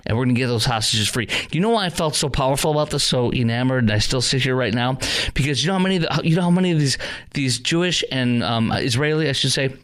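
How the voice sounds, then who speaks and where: A man hosting a political talk radio show, ranting in a fired-up way, his voice climbing high when he gets worked up. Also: lively intonation, quick pace, a bit bright.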